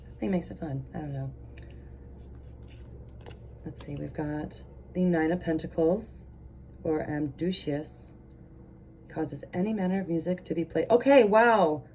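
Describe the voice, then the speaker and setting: A woman talks through a pick-a-card tarot reading in a relaxed, chatty way. Her voice sits a little low and sounds soft and mellow. She gets excitable and rambles, filling her sentences with small fillers. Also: a little slow, long pauses, slight background noise. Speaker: tarot reader.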